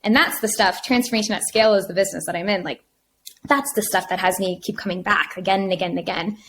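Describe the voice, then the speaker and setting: A woman guest on a podcast interview, telling stories in a casual, energetic way, laughing often and acting out quotes. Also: medium pitch, quick pace, a little hiss or hum. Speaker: podcast guest, retreat organizer.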